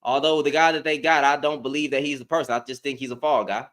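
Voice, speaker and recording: A man runs a casual livestream, speaking right to his chat with lots of repetition and needling. His mid-range voice stays steady in tone, a bit bright, and he talks fast.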